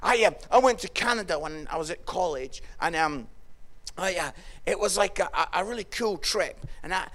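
A Scottish man preaching a sermon and telling stories, moving from hushed tones to loud exclamations. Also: high-pitched, expressive, normal speed. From Scotland. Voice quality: gravelly, swings from hushed to shouting. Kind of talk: sermon with personal storytelling.

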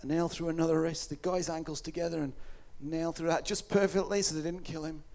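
A man preaching an Easter sermon, moving between quiet, intimate passages and loud, impassioned ones as he retells the crucifixion. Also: a little high, level tone, fast talker, gravelly. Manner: impassioned, swings from hushed to loud.

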